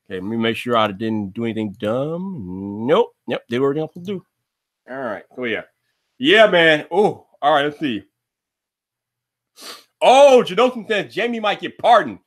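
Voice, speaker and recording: A man's voice: medium pitch, expressive, fairly quick, a bit bright. A man hosting a live stream, chatting casually with slang and frequent laughs. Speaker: livestream host. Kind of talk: casual chat.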